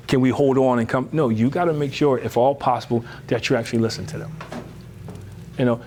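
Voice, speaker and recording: A man speaks to parents in a loose motivational talk, leaning on rhetorical questions and casual asides. His voice sits at a middle pitch and climbs when he gets worked up. A faint hiss of noise runs behind him. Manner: lively, emphatic, rising high when animated; conversational, uses rhetorical questions and "you know".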